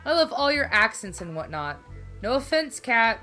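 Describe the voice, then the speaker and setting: A woman's voice: on the high side, big pitch swings, normal speed, bright, forceful tone, faint music behind. A woman co-hosting a casual podcast, chatting in a giggly, playful, self-mocking way. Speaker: podcast co-host.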